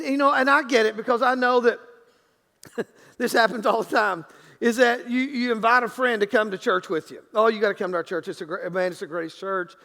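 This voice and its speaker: High-voiced gravelly pastor preaching. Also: male voice, a bit bright, big-room sound. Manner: conversational preaching with frequent restarts and acted-out quotes. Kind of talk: sermon. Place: church sanctuary.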